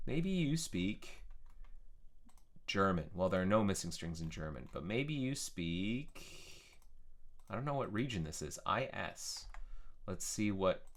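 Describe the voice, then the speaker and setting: A man chatting casually as he codes on a live stream, thinking aloud in a relaxed way. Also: medium pitch. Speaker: software developer streaming his work. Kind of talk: casual live-coding narration.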